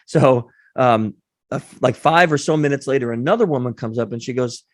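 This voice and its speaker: A man is a guest on a talk show and tells a long story from his work with animated energy. He slips into the voices of the people he met as he goes. His voice sits at a middle pitch and the sound is dry and close. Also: a little fast, dry recording. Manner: lively anecdote teller acting out the people in his story.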